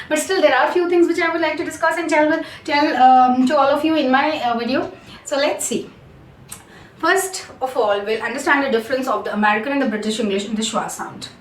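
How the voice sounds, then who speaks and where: Indian woman teaching phonics, fairly high voice, quick talker, heard in a roomy echo. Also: distant mic. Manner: slow, careful modelling of sounds. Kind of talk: online lesson mixing English and Hindi.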